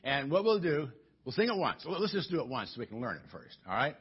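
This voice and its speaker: A man's voice: medium pitch, sing-song, quick pace, breathy edge, muffled recording. A male pastor giving a sermon in a church, coaxing the congregation into singing with a chatty, joking manner. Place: church sanctuary.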